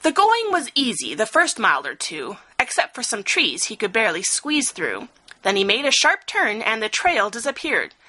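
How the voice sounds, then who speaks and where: A woman reading a rhyming picture-book story aloud, expressive, with a sing-song rhythm. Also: a little high, moderate pace, a little hiss or hum, rough recording.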